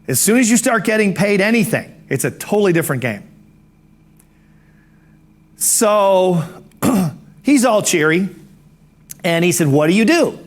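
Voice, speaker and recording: A man with a somewhat high voice tells a personal story in an animated way. He acts out the other people he quotes and clears his throat every so often. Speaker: speaker telling his story. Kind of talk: storytelling talk.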